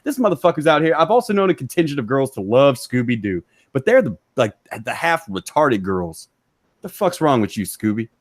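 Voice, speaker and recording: A man hosting a stream from a back room of his house, ranting loudly and mockingly with heavy profanity. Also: medium pitch, very animated, no echo, clean studio sound. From Texas. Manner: loud, mocking, rapid rant. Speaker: stream host.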